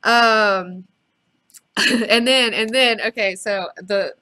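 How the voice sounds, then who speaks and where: Young woman host, bright, excitable, swears freely, rambling comic-book recap chat. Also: fairly high pitch, drawn-out words, smooth. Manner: excited, profane, rambling with many fillers. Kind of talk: casual recap and discussion.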